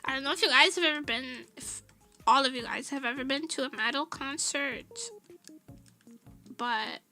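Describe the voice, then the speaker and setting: Bright, high-voiced woman chatting on stream. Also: moderate pace, soft background music. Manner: laughs often, chatty and loose, swears casually. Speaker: VTuber streamer. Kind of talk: casual stream chat.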